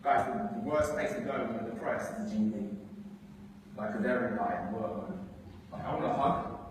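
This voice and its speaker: A young Englishman with an English accent tells his story as a live motivational speaker on stage in a large hall, acting out voices and stirring up the crowd. His voice is fairly low and his pace normal, but he's far from the mic, and the hall is echoey with a noisy background.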